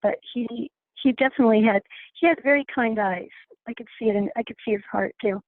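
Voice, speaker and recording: A woman's voice: fairly high pitch, dry recording. Woman telling a story over a tinny phone line. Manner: earnest, halting with restarts. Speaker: class participant sharing a story. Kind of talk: casual storytelling on a call. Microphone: phone call.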